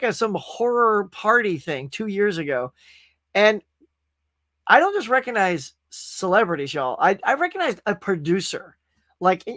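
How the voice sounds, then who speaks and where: A man's voice: high voice, fairly bright tone, no room sound. Chatty man hosting a dry-sounding stream. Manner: rambling, chatty, reads viewer comments aloud. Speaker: podcast host. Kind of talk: casual live-stream chat.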